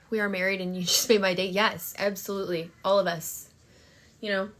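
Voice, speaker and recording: A woman's voice: medium pitch, little pitch movement, moderate pace, fairly bright tone. A young woman telling a story and chatting on a phone livestream, brash and profane, thanking viewers for gifts. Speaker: TikTok live streamer.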